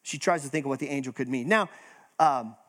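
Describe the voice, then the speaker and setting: A male pastor giving a sermon, animated and storytelling, acting out quotes as he goes. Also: mid-range voice, brisk.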